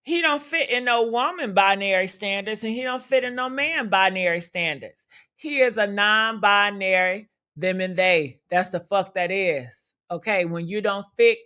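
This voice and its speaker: A woman hosts a livestream of loud, unfiltered gossip commentary, her mid-range voice pushed and bright at a normal speed. She talks in a profane, sassy, combative way, piling on rhetorical questions.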